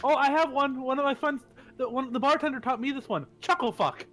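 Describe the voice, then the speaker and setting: A man's voice: extremely high pitch, fairly quick, a bit bright, faint music behind. A man playing a tabletop game over voice chat, joking and playful in character. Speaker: player.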